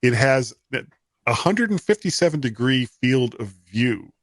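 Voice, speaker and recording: A man's voice: medium pitch, very animated, unhurried, dry recording. A man from the US co-hosting a casual tech podcast, laid-back, with dry joking asides. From United States. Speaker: podcast co-host.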